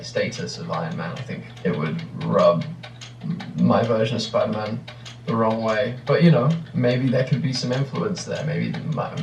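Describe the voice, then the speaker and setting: This gravelly, lowish voice belongs to an English actor in his thirties fielding fan questions in casual interview answers, musing and rambling with frequent restarts. The rough recording is reverberant and made from a distance.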